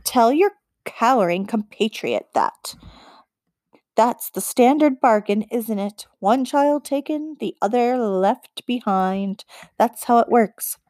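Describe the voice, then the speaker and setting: A woman voicing a proud, cold female forest witch queen in an audiobook, speaking slowly and deliberately with mocking scorn. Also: a little high, animated, darkish tone, no room sound, clean studio sound. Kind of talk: audiobook character reading.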